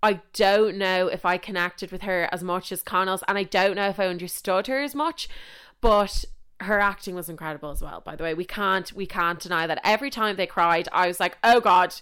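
A young Irish woman hosting a podcast in casual chat, animated and chatty, swearing freely and getting carried away. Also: on the low side, a little fast, clear, resonant tone. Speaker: podcast host.

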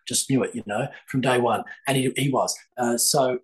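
A man's voice: medium pitch, brisk, low-quality recording. An older man, a guest telling a long story with many fillers and restarts in a podcast interview. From Australia. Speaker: guest, psychic author.

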